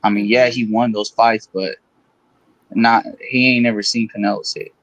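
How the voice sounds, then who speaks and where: A man on a panel chat, halting, using casual slang. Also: lowish voice, flat delivery, a bit bright, low-quality recording.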